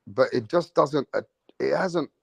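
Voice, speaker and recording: A man hosts a loose boxing chat in a mid-pitched voice. He rambles freely, swears, and hops between stories with easy, offhand timing. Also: animated, a little slow, gravelly, breathy edge, no room sound. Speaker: host of a boxing talk stream. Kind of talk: casual chat.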